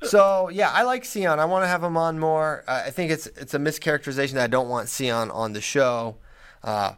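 A man's voice: on the high side, brisk, fairly bright tone, smooth. Dry, sarcastic male podcast host. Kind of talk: casual chat.

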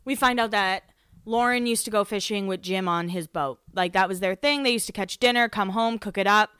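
A woman's voice: mid-range voice, a little fast, a bit bright, clean tone, dry recording. A woman in her thirties hosting a podcast, chatting casually and recapping a show, with lots of "like" and restarts. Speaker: podcast host.

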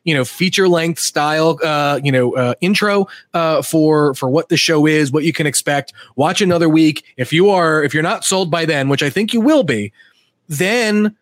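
A man co-hosting a relaxed chat, talking in a slightly high voice. He rambles with many fillers and restarts. The sound is dry and close. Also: moderate pace, no room sound. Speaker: co-host. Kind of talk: casual podcast chat.

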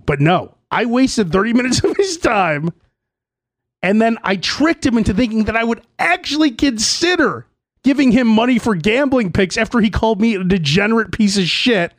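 A man's voice: high-pitched, big pitch swings, normal speed, no room sound, studio quality. A man hosting his own podcast, telling stories in a profane, playfully indignant way. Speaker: podcast host. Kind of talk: solo comedic storytelling podcast.

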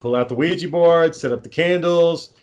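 Rambling, profane man pitching a film. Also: normal speed, a little mellow, lo-fi sound. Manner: rambling, profane, acts out quoted lines. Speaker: amateur filmmaker pitching a script. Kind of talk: casual chat.

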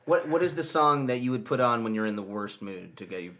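A man's voice: mid-range voice, expressive, fast, heavy background noise. A man hosting a casual interview, playful and goading, laughing often as he runs a card game with his guests. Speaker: podcast host.

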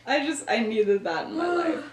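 A woman's voice: high-pitched, lively intonation, normal speed. A young woman hosting a podcast, retelling a story in casual chat and animatedly acting out the characters' lines. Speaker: podcast host. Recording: echoey room.

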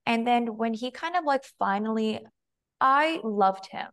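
A young woman guests on a podcast as a femininity and body language coach, chatting casually with heavy use of "like" and quoting herself and her partner. Her voice is on the high side, lively, a little slow, fairly bright, clear and resonant.

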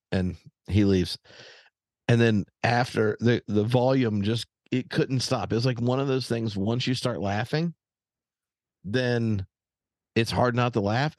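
A man telling a long story in casual chat, animated and rambling with many fillers and restarts. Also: on the low side, no room sound. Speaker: podcast guest.

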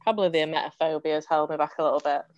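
A woman from Yorkshire with a northern English accent, chatting casually as a podcast guest in a friendly, relaxed way. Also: low voice, racing, highs cut off. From Yorkshire, northern England. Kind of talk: casual chat.

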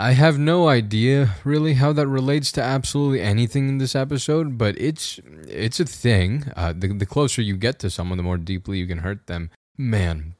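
A young man with a very low, slightly raspy voice hosts his own podcast alone. He rambles in a wry, self-deprecating way, restarting his sentences often. The sound is close and dry, with no room echo. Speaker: podcast host. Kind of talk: casual solo podcast monologue. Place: room at home with a camera on a tripod.

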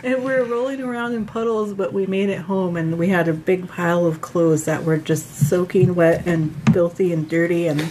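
Giggly woman over loud noise. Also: lowish voice, steady tone, normal speed, few pauses. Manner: chatty, giggly storyteller. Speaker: podcast co-host. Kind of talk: casual chat. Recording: loud background noise and clicks.

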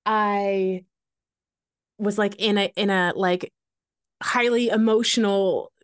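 A woman's voice: mid-range voice, fairly even intonation, slow, no room sound, studio quality. A woman guest on a podcast, telling personal stories candidly in a rambling way full of filler words. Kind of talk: candid conversational storytelling.

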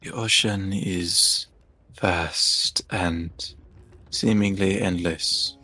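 Gloomy sea captain, man voicing him, deep husky voice. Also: steady tone, very slow, sharp tone, no echo, exaggerated voice. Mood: brooding. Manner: terse and heavy. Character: brooding, weary male ship captain.

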